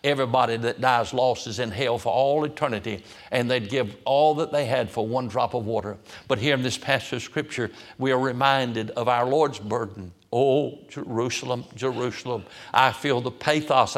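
A man's voice: medium pitch, moderate pace, few pauses, fairly bright tone. A man who is a pastor, praying and then preaching a sermon, fervent and pleading with repeated appeals to God. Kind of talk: sermon with prayer.

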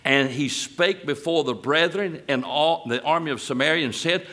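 A man preaching a sermon, reading scripture slowly and then rising into loud, emphatic exhortation. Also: on the high side. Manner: reads old scripture in a slow solemn cadence.

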